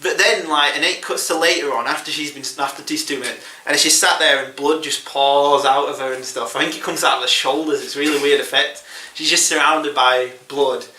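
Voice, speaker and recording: Film podcast host, male, slightly high, rambling chatty delivery with frequent chuckles. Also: steady tone, a little fast, pushed and bright, roomy sound, far from the mic, a little hiss or hum. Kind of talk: casual chat.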